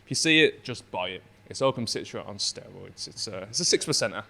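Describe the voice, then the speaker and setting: Guy with a gravelly voice, excitable rambling podcast guest. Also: on the low side, fairly quick. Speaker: brewery founder, podcast guest. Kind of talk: casual chat.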